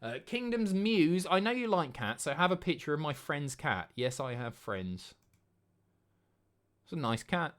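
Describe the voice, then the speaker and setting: Sweary streamer, lively and sardonic. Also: male voice, fairly high pitch, unhurried. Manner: blunt, sweary, sardonic commentary. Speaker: livestream host. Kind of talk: casual stream chat.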